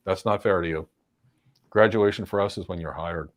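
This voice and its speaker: A man's voice: low voice, normal speed. A middle-aged man with an American accent hosting a live Q&A and giving career advice in an emphatic way, full of rhetorical questions. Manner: emphatic, rhetorical questions, repeats key points. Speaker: cloud career coach and host.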